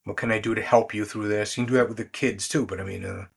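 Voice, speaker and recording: A man's voice: on the low side, steady tone, fast, creaky, husky. A man appearing as a guest on an interview show, explaining leadership habits in an easygoing way with many fillers and restarts. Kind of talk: conversational interview.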